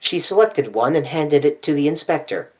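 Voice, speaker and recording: Audiobook reader, scripted narration, animated, expressive, wide pitch movement, mid pitch. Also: normal speed.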